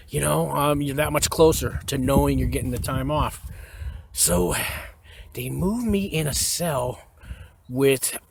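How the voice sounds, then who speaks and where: A former inmate speaks to the camera about his time in prison, giving advice in a casual, frank, rambling way full of fillers and restarts. His voice is on the high side and creaky, with slight background noise.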